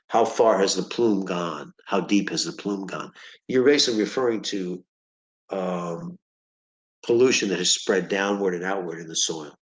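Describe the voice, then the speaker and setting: Low-voiced man tutoring vocabulary, echoey room. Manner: patient, explains with examples, keeps checking with "okay?". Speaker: reading tutor. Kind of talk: one-on-one vocabulary lesson.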